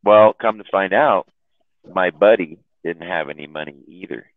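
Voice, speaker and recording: His low-pitched voice moves at a normal speed as this chat room host relates a lengthy, profane story in casual conversation, wandering off track and laughing at his own jokes. The audio is dry and sounds like it's coming over a phone.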